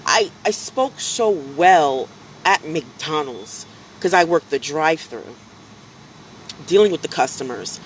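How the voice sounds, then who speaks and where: A woman talking casually to her followers on a live stream, telling animated stories full of fillers, a little drowsy from allergies. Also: low voice, slight background noise, poor audio. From United States. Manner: chatty, animated storytelling, many fillers.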